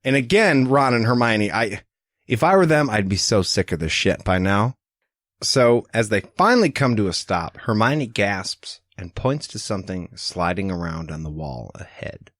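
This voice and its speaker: A man co-hosting a casual podcast about a book, talking in a lively, profane way and acting out quotes. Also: on the low side, moderate pace, dry recording, clean studio sound. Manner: animated, profane, acts out quotes. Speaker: podcast co-host. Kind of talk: casual book-discussion chat.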